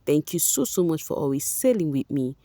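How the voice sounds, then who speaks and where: Woman, Nigerian accent, mellow tone, dry close sound, casual gossip vlog, chatty. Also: sits low, a little fast, no room sound. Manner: chatty, animated, addresses viewers as guys. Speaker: vlog host. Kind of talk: casual gossip commentary reading fan posts.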